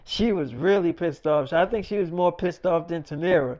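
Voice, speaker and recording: A man's voice: fairly high pitch, moderate pace, darkish tone. A man telling a rambling, profane personal story in a casual monologue. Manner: rambling, profane, many fillers.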